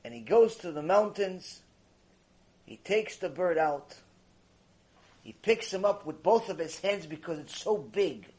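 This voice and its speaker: A man teaching a religious lecture, telling a story in an animated way and repeating phrases for emphasis. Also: high voice, unhurried, pauses often.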